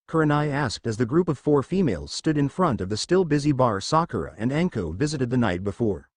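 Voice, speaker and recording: Animated male story reader, dry close sound. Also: mid-range voice, brisk, hardly any pauses, no room sound. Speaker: narrator. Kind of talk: reading fan fiction aloud.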